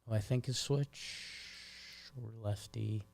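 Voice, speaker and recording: A man's voice: lowish voice, fairly even intonation, takes it slowly, gravelly, a little mellow, dry recording. A man co-hosting a casual sports podcast with dry, wisecracking remarks. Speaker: podcast co-host. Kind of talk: casual sports podcast chat, punny game recap.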